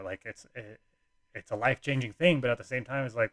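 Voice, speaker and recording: A man's voice: mid-range voice, steady tone, fast talker, a bit bright, no echo. A young man casually telling a personal story, rambling with lots of fillers and restarts.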